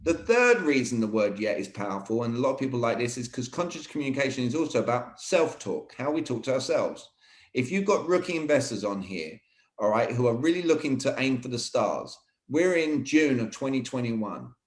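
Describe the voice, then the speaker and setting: A man coaching on sales technique in an energetic, emphatic way, often saying "all right". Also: medium pitch, brisk. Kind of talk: teaching sales techniques in conversation. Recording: roomy echo.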